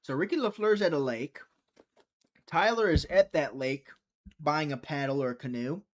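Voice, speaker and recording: A man's voice: a little high, moderate pace. Chatty young man hosting a fight stream. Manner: chatty, teasing, reads viewer chat aloud. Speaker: live stream host. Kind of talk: casual live-stream fight commentary.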